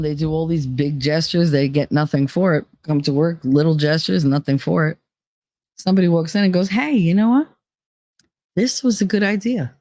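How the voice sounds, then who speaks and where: On a casual live stream, a low-voiced woman from New Jersey, accent intact, reads out her chat and answers with animated bluntness and lots of cursing. The recording is studio quality without echo.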